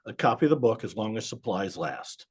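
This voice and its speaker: Give me a husky man in his seventies telling blunt stories with a lively, swinging pitch. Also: fairly quick. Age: 70s. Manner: blunt, emphatic, swears casually. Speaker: guest, accountant. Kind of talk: storytelling in a podcast interview.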